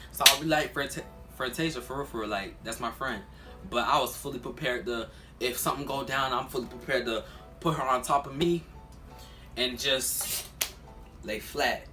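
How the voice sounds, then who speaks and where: Young man rambling in a bright voice. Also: medium pitch. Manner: rambling, filler-heavy storytelling; often repeats himself and restarts. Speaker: vlogger. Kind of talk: casual storytime while eating.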